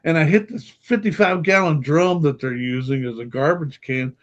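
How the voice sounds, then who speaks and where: A man's voice: fairly high pitch, moderate pace. Older man telling a story, lo-fi sound. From Kentucky, USA. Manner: animated storyteller, laughs often, acts out quotes. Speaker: podcast guest, paranormal investigator. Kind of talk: storytelling anecdote in casual chat.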